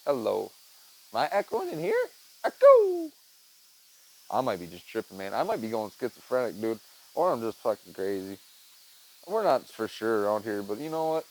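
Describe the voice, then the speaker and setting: Though he sounds tired, this podcast host is very animated, speaking briskly in a fairly low, slightly mellow voice. He chats casually alone on a headset mic, rambling, swearing, and saying "man" and "dude" often, and the audio is poor.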